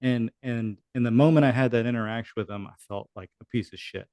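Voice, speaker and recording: Guesting on a podcast, a veteran in his thirties recounts a war story, swearing casually and performing the quoted lines. He talks quickly at a medium pitch with a slightly mellow voice, and there's no echo.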